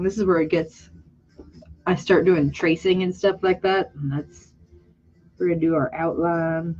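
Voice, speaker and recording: A woman's voice: lowish voice, darkish tone. A young woman vlogging casually while she draws, talking in a rambling, candid, self-mocking way with many restarts and a teary edge. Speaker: vlogger and artist. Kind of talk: casual chat while drawing. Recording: muffled lo-fi audio.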